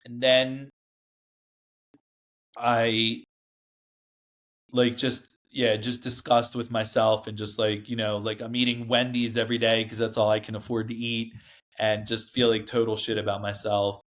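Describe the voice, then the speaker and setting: A man's voice: on the low side, little pitch movement, a little slow, pauses often, fairly bright tone. A man, a guest in an interview, recounting his past in a rambling, emphatic way, often acting out what others said. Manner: rambling, emphatic, acts out quoted dialogue. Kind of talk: candid storytelling interview.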